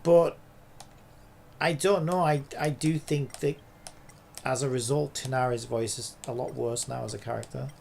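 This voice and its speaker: Male streamer at mid pitch, a little fry in the voice, loose rambling chat. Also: steady tone, normal speed, a little mellow, a little hiss or hum. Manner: rambling, lots of "like" and "you know". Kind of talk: casual commentary while gaming.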